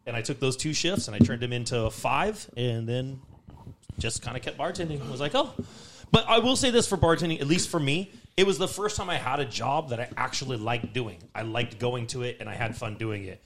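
A man's voice: mid-range voice, a little fast, slight background noise. A man in casual chat, telling work stories with lots of swearing and acting out the people in them. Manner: profane, animated, acts out callers and bosses.

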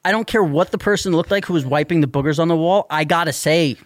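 Profane ranting man, fairly high voice. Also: fast, no room sound, studio quality. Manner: animated, profane, exasperated ranting. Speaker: podcast host. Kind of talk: casual storytelling chat.

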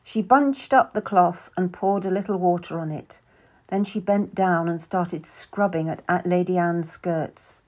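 A woman narrating a first-person historical novel in an even, measured storytelling manner. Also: lowish voice. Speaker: audiobook narrator.

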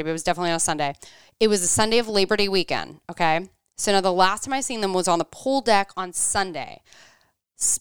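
Crisp-voiced woman telling a story. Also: mid-range voice, dry recording, clean studio sound. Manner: animated, acts out quoted dialogue. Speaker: podcast co-host. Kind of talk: casual storytelling chat.

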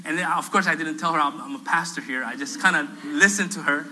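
Animated, bright-voiced male pastor. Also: on the high side, fast talker, a little hiss or hum, rough recording. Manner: animated, acts out quoted voices, self-deprecating humor. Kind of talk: storytelling sermon. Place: church sanctuary.

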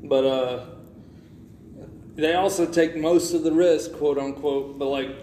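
High-voiced, profane podcast storyteller man. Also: unhurried. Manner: loose, profane, animated storytelling. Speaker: podcast co-host. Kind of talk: casual storytelling chat. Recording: echoey room with faint noise.

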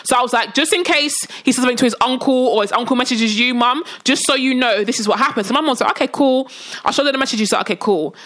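A woman tells a long, animated story to a friend. She talks quickly in a high voice and slips into other voices for the lines she quotes. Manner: animated, acts out quoted dialogue with voice changes. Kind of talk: casual storytelling chat.

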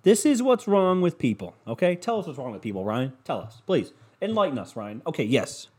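Host, male, sarcastic profane rant, animated and fairly high voice, home mic. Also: brisk, breathy edge. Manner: sarcastic, profane ranting with self-mockery. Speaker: podcast host. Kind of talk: solo podcast rant. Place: home basement. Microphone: studio microphone.

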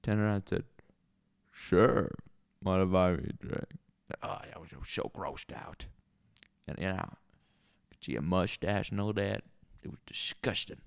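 A man's voice: deep voice, a little slow, creaky, long pauses, clear, resonant tone, no room sound, studio quality, voice pushed down. A man voicing a crude, rambling male bar owner with a put-on Southern accent who swears a lot. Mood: leering storytelling. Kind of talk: improvised character comedy.

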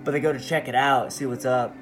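A man rattles through a book report in a loose, profane, comedic ramble, swinging between mutters and excited outbursts. His pitch sits mid-range, and music plays clearly behind him. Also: quick pace. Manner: profane, rambling, animated retelling. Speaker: podcast host.

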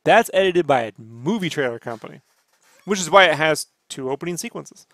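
A man hosting a casual podcast, ranting and swearing in an animated way. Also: fairly high pitch, brisk, dry recording. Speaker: podcast host.

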